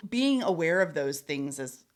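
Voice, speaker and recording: A woman co-hosting a podcast, chatting casually in a lively way, laughing often and swearing casually. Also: deep voice, unhurried. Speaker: podcast co-host. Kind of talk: casual chat.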